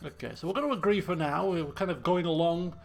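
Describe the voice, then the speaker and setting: A man's voice: high-pitched, fast talker, creaky, slight background noise. A man chatting casually and self-mockingly while streaming a video game. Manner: chatty, self-mocking, frequent restarts and laughs. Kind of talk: live game commentary. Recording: faint guitar music behind.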